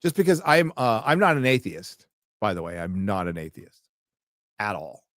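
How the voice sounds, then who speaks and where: A man's voice: on the low side, very animated, moderate pace, a bit bright, no room sound, clean studio sound. A man hosting a casual live stream, reading viewer comments and ranting with lots of swearing and sarcastic asides.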